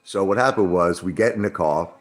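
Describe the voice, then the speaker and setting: A man's voice: low voice, fairly quick. A middle-aged man from Brooklyn, rambling and swearing in a casual livestream chat, repeating himself as he talks. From Brooklyn, New York. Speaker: livestream host.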